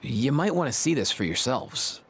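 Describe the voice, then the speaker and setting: Tired sarcastic vet, dry, sighs a lot. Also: male voice, mid-range voice, big pitch swings, moderate pace, a little hiss or hum. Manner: dry and sighing. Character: weary sardonic young man veterinarian. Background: game music.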